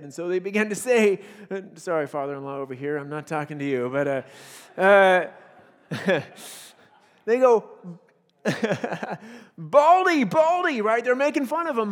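A man's voice: high voice, in a large hall. A man preaching a sermon, retelling stories with humor, acting out quotes and laughing often. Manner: playful storytelling, acts out quotes, laughs often. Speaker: pastor.

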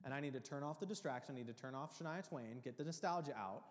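A male pastor delivers a sermon with earnest, emotional conviction. He drops to a near-hush, then climbs high and loud. His voice sits at a middle pitch and rings in a hall with a long reverb. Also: quick pace.

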